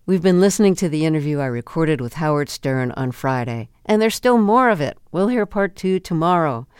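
A male radio host with a slightly high, smooth, resonant voice. He reacts briefly to his guest and wraps up the segment in a measured announcing manner. The sound is dry and close-miked. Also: expressive, darkish tone, no echo. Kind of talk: interview and broadcast wrap-up.

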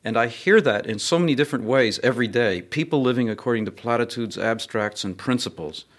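A man speaking as a guest on a radio show, thoughtful and measured as he reflects. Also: mid-range voice. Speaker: guest commentator.

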